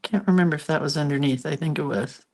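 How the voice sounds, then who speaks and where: Low-voiced congested woman crafting. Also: quick pace, a little mellow, slight background noise. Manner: chatty, self-deprecating, talks while working. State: congested, sniffling. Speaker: craft video host. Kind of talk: casual crafting demo.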